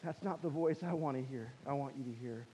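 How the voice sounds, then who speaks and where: A preacher voicing God, calm and reassuring. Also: male voice, medium pitch, brisk, slight background noise, pitched below the performer's own voice, lightly acted, low-quality recording. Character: calm reassuring divine voice, male. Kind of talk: sermon.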